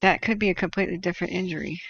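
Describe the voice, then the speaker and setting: A woman's voice: lowish voice, fairly even intonation, rapid-fire, vocal fry, a bit bright, slightly rough. Woman, livestream host, casual chat, laughs often, slightly dull audio. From Pacific Northwest. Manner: chatty, laughs often, reads viewer messages aloud. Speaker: livestream host tracking wildfires.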